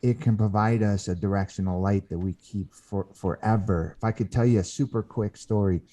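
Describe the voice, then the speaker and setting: A man with a very dark, mellow, low-pitched voice. He speaks as a guest in a podcast interview. He tells his stories earnestly, stopping and restarting mid-sentence. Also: steady tone. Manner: earnest storyteller who acts out quoted voices; halting, with frequent restarts. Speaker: guest author.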